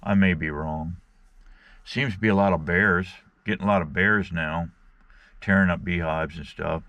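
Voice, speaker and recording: A man's voice: deep voice, steady tone, normal speed, dry recording, highs cut off. A man vlogging from his fishing spot on a bank outdoors, telling a rambling folksy story and calling his viewers "guys". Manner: folksy, rambling, keeps saying "guys" and "right".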